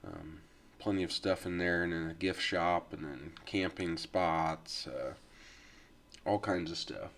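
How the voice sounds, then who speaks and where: A man's voice: sits low, a little slow, a bit bright. A man narrating his own riding footage as a casual voice-over, easygoing and rambling with frequent fillers. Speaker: adventure riding vlogger.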